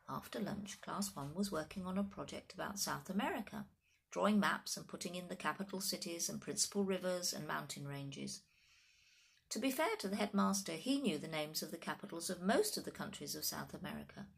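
A woman reads a children's story aloud with lively, expressive delivery. Her voice sits on the low side but swings widely in pitch, giving each sentence plenty of animation. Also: fairly quick, vocal fry.

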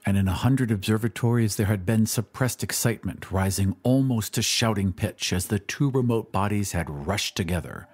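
A man giving a measured, dramatic audiobook narration of a classic story. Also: fairly low pitch, husky. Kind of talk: scripted narration. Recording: faint music bed under narration.

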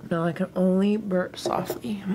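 A woman's voice: mid-range voice, darkish tone, slight background noise. A young woman from the United States on a casual live stream, chatty and teasing, reading viewer comments, laughing often and talking back to her viewers. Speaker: livestreamer.

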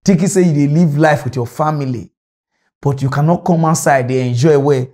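Mellow yet high-leaning, this man's voice moves at a moderate pace as he scolds and rails about politics in an impassioned solo rant. He's a political commentator from Delta State, Nigeria, with a Nigerian Pidgin accent.

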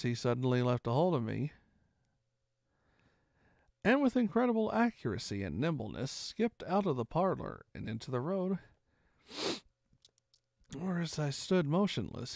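A man reading a classic adventure novel aloud in expressive first-person narration. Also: medium pitch, measured pace, gravelly, pauses often, dry recording, clean studio sound. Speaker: storyteller.

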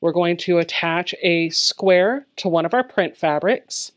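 A woman's voice: lowish voice, measured pace. A woman giving a step-by-step quilting tutorial, explaining each step plainly in a friendly, encouraging way. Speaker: quilting instructor.

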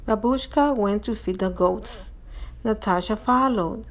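A woman in her fifties reading a children's picture book aloud, gentle and unhurried. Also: mid-range voice. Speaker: storytime reader.

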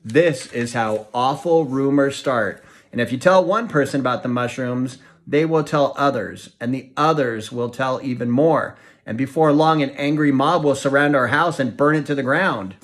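A man's voice: medium pitch, normal speed, lightly acted. A man voicing a blunt, matter-of-fact middle-aged father in an audiobook reading.

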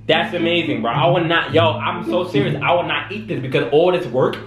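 A man casually reacting to videos for his viewers, excitable and slangy, often drawn-out in his amazement. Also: on the high side, crowd noise. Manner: excitable, slangy, talks to viewers, lots of "bro" and "wow". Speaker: YouTube reaction host. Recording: echoey room with music behind.

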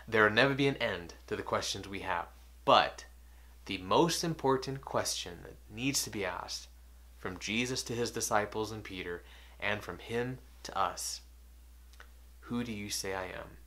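A man's voice: fairly low pitch, sharp tone. Earnest man teaching a daily devotional. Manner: earnest, repeats key questions for emphasis.

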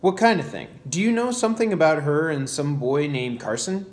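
A man reading aloud, voicing a quiet, withdrawn preacher father in a soft, subdued way. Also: fairly high pitch, expressive, moderate pace, close to an everyday voice.

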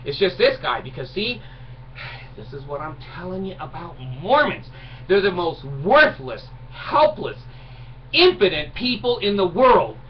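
A man's voice: high-pitched, big pitch swings, a little slow. A middle-aged man ranting indignantly to camera, mocking and chuckling at his own jokes. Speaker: video blogger. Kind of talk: ranting monologue. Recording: distant mic, dull lo-fi sound, faint noise.

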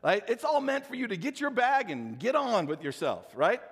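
A man's voice: extremely high pitch, normal speed, husky, long reverb tail. A middle-aged man, a pastor, telling a joking personal story in his sermon and talking straight to the congregation. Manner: animated, jokey, talks straight to the congregation. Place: church sanctuary.

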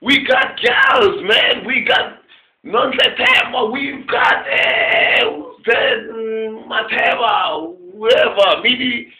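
A man doing a loud, rambling comic rant, full of shouting and cursing. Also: extremely high pitch, slow, creaky, roomy sound, poor audio. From South Africa.

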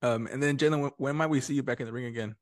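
A man co-hosts a casual interview, asking questions in an easygoing, agreeable tone. His voice is of middle pitch and the sound is dry and close. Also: racing, dry recording. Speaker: co-host.

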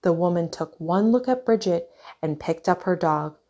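A woman reading a children's picture book aloud, clear and expressive. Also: lowish voice, normal speed, muffled recording. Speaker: storyteller.

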